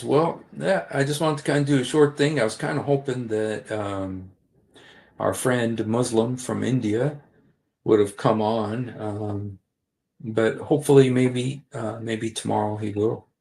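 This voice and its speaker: Slow, gravelly man hosting a livestream. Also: fairly low pitch, darkish tone. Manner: rambling, many fillers and restarts. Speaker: livestream host. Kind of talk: casual livestream talk.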